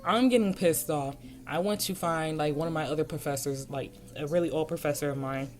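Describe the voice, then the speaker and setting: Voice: mid-range voice, fairly quick, soft background music. A young adult art vlogger telling a storytime in a casual, slangy, worked-up way. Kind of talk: storytime over a speedpaint.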